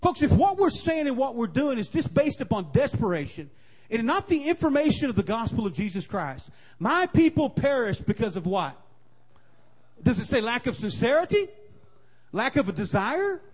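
Guy preaching, real high pitched, swings up and down a lot, hammers his points again. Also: sing-song, moderate pace. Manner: repeats key lines, rising to forceful emphasis. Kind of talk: sermon.

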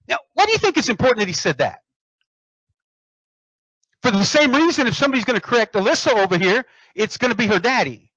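A man's voice: very high voice, animated, fast, long pauses, a bit bright, no echo. A man preaching a sermon, emphatic, repeating phrases and asking the congregation questions. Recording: muffled dry recording.

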